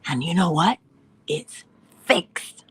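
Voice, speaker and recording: A woman with a low, husky voice delivers an inspirational spiritual talk as host of a morning livestream. She speaks with animation, slips into little voices, and sinks into soft whispers for emphasis. The sound is dry and close. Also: takes it slowly, dry recording. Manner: animated, acts out dialogue in voices, drops to whispers.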